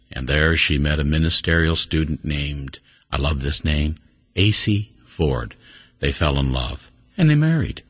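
A man preaching a sermon and telling a story with earnest emphasis, rising high for key words and dropping almost to a hush. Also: breathy edge, no room sound.

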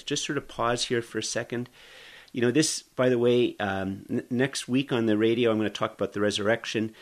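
A man's voice: on the low side, normal speed. Conversational male pastor. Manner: conversational, explains as he reads. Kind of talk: expository sermon.

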